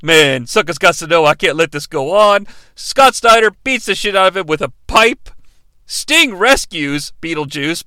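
A man hosting a casual solo podcast, animated and sardonic, talking close into the microphone. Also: high-pitched, smooth, dry recording. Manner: animated and sardonic, slipping into impressions. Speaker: podcast host.

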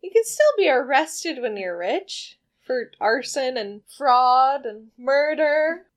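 Casual film-chat woman, high-ish and highly expressive delivery, swears and laughs a lot. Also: slow. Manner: swears freely, laughs often, teasing. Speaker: movie watch-along co-host. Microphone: headphones with mic.

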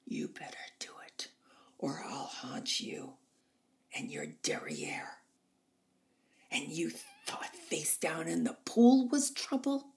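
A woman voicing the ghost of an aging female silent-film diva, in a husky low whisper with an imperious, drawling manner. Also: huge pitch swings, slow, a little mellow, exaggerated voice. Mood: menacing.

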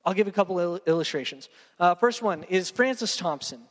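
A man's voice: sits high, expressive, fairly quick, long reverb tail. A young man, preaching a sermon in a casual, joking way and talking straight to his congregation. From Texas. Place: church sanctuary.

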